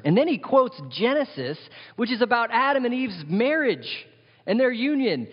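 A man preaching a sermon as pastor, animated and wry, asking the congregation questions. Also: sits high, normal speed, gravelly, slightly rough, big-room sound, lo-fi sound. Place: church hall.

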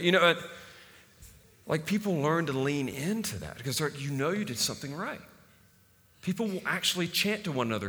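A pastor preaches to his congregation in a loose, conversational style, full of "like" and restarts. His voice is bright and swings widely in pitch. The sound carries a long hall reverb. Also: expressive, brisk, pauses often. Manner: casual, conversational preaching with many fillers. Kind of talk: sermon. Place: church hall.

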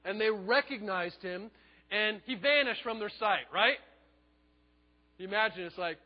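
A man preaching a sermon, telling the story in a lively way and acting out the quotes. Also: sits high, normal speed, long reverb tail, highs cut off. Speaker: pastor.

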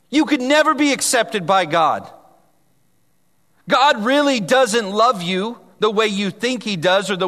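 Male pastor, fairly high voice, earnest sermon delivery moving between emphatic and hushed, long hall reverb.

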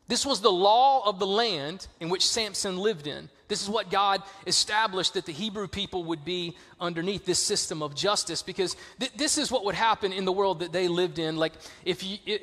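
A man with a Southern US accent preaching a sermon, telling stories in a casual, lively way. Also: sits high, in a large hall. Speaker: pastor.

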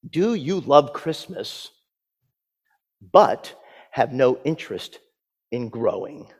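A man preaching a sermon as pastor, reading scripture, praying and telling stories with dramatic swings in loudness and pitch. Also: sing-song, slow pace, breathy edge. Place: church sanctuary. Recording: long hall reverb.

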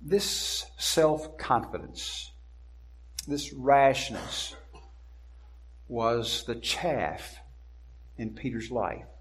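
A male preacher delivering an expository sermon at a deliberate pace. He leans hard on his key words and drags them out for emphasis. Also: medium pitch, animated.

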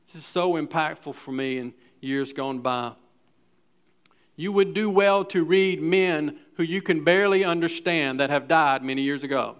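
A man preaching a sermon, reading quotes with dramatic weight and building from quiet asides to loud, emphatic preaching. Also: sits high. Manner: reads scripture and quotes aloud with dramatic weight. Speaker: pastor.

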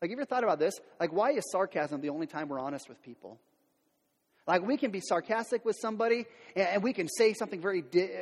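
A man's voice: sits high, lively intonation, quick pace, slightly rough. A man preaching a sermon as pastor, speaking candidly and conversationally, with many fillers and restarts. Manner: acts out quoted voices of everyday people. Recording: long hall reverb.

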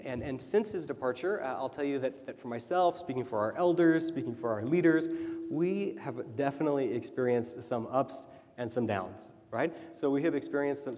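A man in his thirties, a church leader, telling stories in a casual, animated sermon. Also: medium pitch. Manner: animated, chatty storytelling. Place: church sanctuary. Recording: reverberant church hall.

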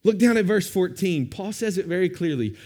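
A man preaching a sermon as pastor, with expressive rises and drops for emphasis. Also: sits high, fairly quick.

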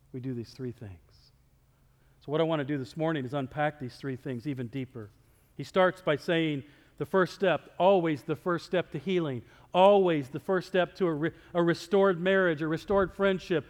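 A man preaching a sermon as pastor, talking conversationally and swinging between loud emphasis and near-whispers. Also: fairly high pitch, in a large hall. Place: church sanctuary.

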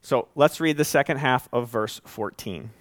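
A man preaching a sermon as pastor, conversational and animated, with folksy asides. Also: mid-range voice, moderate pace, dry recording.

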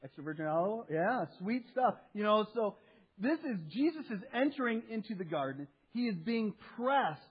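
A pastor preaches with lively animation, slipping into the voices of the people he quotes and circling back over his own phrases. His voice sits high and a little husky. The recording is muffled and lo-fi. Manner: animated, acts out quoted speech, repeats phrases. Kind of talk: sermon.

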